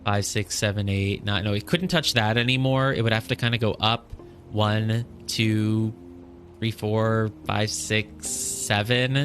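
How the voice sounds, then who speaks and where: A man's voice: lowish voice, steady tone, unhurried, a bit bright, faint music behind. Man thinking aloud over a puzzle game. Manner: thinks aloud, counts squares, scolds himself over mistakes. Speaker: streamer playing a puzzle game. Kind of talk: casual live gameplay commentary.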